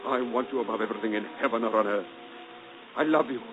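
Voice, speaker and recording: A man playing a brooding, passionate gentleman employer in a 1940s radio drama, ardent and intense, sometimes dropping to a hushed plea. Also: mid-range voice, quick pace, over music, natural voice. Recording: muffled noisy 1940s radio broadcast.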